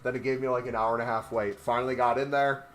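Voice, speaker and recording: A man's voice: mid-range voice, fairly even intonation, fast, a bit bright. A man chatting casually on a gaming livestream, rambling and joking while he walks on a walking pad. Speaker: gaming streamer.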